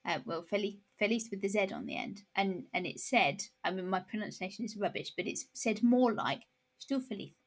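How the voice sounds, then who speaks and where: A woman in casual conversation, talking thoughtfully with frequent restarts and pauses. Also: mid-range voice.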